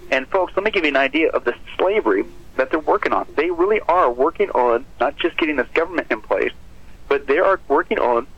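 A pastor preaching urgent, emphatic warnings about the end times on a radio talk program. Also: male voice, mid-range voice, fairly bright tone, breathy edge. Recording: muffled lo-fi broadcast audio.

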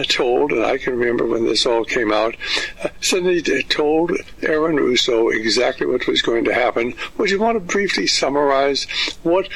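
A man hosting a radio talk show, speaking in a halting way with many fillers while setting up questions for his guest. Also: medium pitch, gravelly, fairly bright tone, slightly rough, low-quality recording. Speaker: radio host.

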